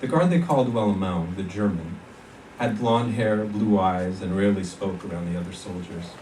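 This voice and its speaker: A man reads his own fiction aloud at a conference with a steady, even delivery. His voice is fairly low and lands from a distance. A roomy echo and faint background hum fill the space. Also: moderate pace. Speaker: author reading his fiction. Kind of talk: literary reading. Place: conference reading room. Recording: echoey hall from far off.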